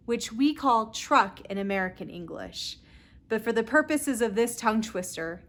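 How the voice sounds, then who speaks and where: Slow, clear Southern Californian tutor woman. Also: on the high side, fairly bright tone. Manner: clear, deliberate word repetition. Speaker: pronunciation tutor. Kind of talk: slow pronunciation lesson.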